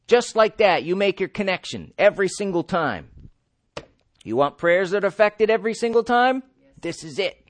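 A man with a notably high voice preaches a sermon with emphasis, tossing out questions and answering them himself. His delivery is insistent, with an occasional chuckle. The recording is close and dry, with no room sound. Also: big pitch swings, normal speed, dry recording.

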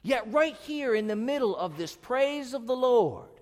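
High-pitched, animated preaching man. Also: measured pace, big-room sound. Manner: emphatic, exclaiming, asks the audience questions. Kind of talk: sermon.

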